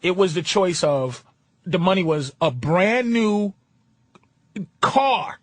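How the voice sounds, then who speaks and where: A man on an uncensored radio show, animated and profane as he preaches his opinions. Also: high-pitched, slow. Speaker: radio show comedian guest.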